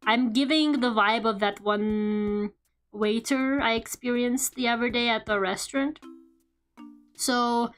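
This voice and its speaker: High-voiced chatty woman streamer. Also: a bit bright. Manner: chatty, rambling, says "like" often, swears, laughs a lot. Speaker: VTuber streamer. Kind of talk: casual chat while drawing on stream.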